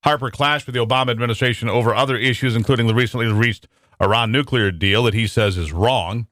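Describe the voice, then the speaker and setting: A man's voice: medium pitch, fast talker, a bit bright, no echo, studio quality. An American man hosting a talk radio show in a rambling monologue with frequent restarts. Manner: rambling, with many restarts and fillers.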